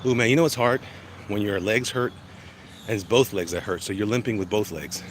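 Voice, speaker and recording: Walking along city streets, a man vlogs in a lowish, slightly fast voice, chatty and easily sidetracked as he rambles through a casual monologue. He sounds congested in the chest and is walking on sore legs, while loud traffic, passing cars and street ambience fill the background.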